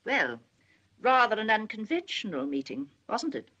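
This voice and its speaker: A woman's voice: mid-range voice, big pitch swings, normal speed, sharp tone, dull audio. An actress playing a proper, anxious middle-aged mother in a 1930s film, prim and emphatic, lecturing her son's new wife.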